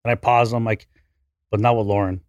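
A man in his forties, a podcast guest, telling a story in an animated, profane, self-deprecating way. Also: fairly low pitch, a little fast, dry recording. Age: 40s. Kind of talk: casual storytelling.

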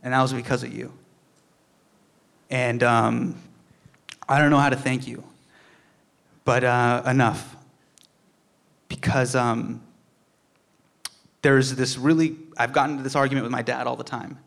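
A man's voice: medium pitch, level tone, unhurried, gravelly, pauses often, fairly bright tone. A young man giving a heartfelt tribute speech, telling a personal story and acting out the quotes.

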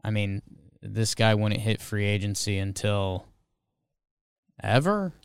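A man's voice: fairly low pitch, animated, takes it slowly, creaky, clear, resonant tone, no room sound, studio quality. Laid-back man talking baseball. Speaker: podcast co-host. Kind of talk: casual sports talk.

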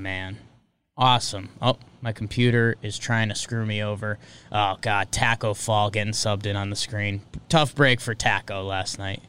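A young man hosting a casual sports talk livestream, chatty and joking, with sudden energetic bursts. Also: fairly low pitch, smooth. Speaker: sports show host.

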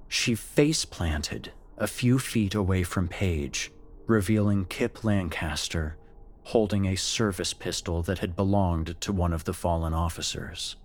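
A man narrating a horror story in a slow, measured, scripted storytelling manner. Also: deep voice.

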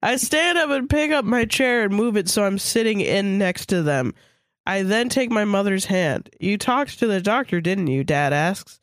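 Woman podcast co-host, casual story reader, mid pitch, dry recording. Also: animated, moderate pace, dry recording. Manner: casual, crude asides mid-reading. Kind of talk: reading a story aloud with jokes.

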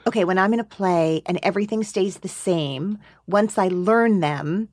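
A woman's voice: medium pitch, normal speed, a little mellow, no echo, clean studio sound. A woman hosting an interview, chatting casually with playful, jokey remarks. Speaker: podcast host.

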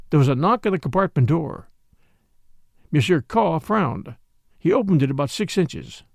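A man's voice: a little high, moderate pace, creaky, pauses often, no echo, clean studio sound. A man narrating a mystery novel as an audiobook, reading expressively. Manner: expressive storytelling.

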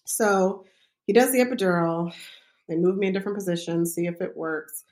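A woman's voice: on the low side, a little fast, a little mellow. A woman who is a midwife casually telling her own birth story, chatty and full of fillers.

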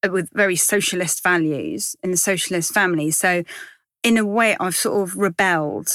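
Woman comic in her 40s, lowish voice, rambly and frank, dry close mic. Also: moderate pace, a bit bright, no echo. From Iran. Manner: chatty, candid, rambling with self-corrections. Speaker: comedian guest. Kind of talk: casual podcast interview.

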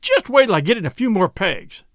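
A man voicing an old rustic cobbler who speaks in a slow, sly country drawl. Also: high-pitched, big pitch swings, dry recording, clean studio sound.

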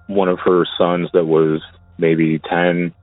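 A man casually telling a personal story, halting and often repeating his words as he goes. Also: low-pitched, level tone, no echo. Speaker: caller sharing a personal story. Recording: tinny phone line, dry.

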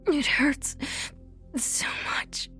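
A woman's voice: high-pitched, slow, a bit bright, soft background music. A woman voicing a terrified young woman dying in a car wreck, speaking weakly and stammering. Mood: frightened, fading. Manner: weak, stammering and breathless.

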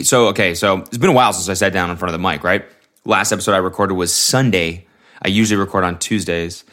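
A man's voice: sits low, sharp tone. A young man hosting his own podcast alone, rambling in a laid-back, self-mocking way into a mic while wearing headphones. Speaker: podcast host. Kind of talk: casual solo podcast chat. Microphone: headphones on, studio mic.

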